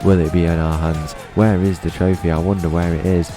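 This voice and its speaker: A man's voice: deep voice, level tone, fairly quick, over music, a crowd in the background. A young man commentating his own football video game match, with rhetorical questions and frequent repeated words. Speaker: gaming YouTuber.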